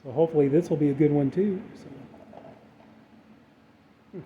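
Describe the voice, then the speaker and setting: A man's voice: fairly high pitch, normal speed. A man casually chatting through his horror movie haul, rambling with lots of fillers. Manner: rambling, filler-heavy, relaxed. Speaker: horror collector showing a haul. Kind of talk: casual unboxing chat. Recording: dull lo-fi audio with faint background noise.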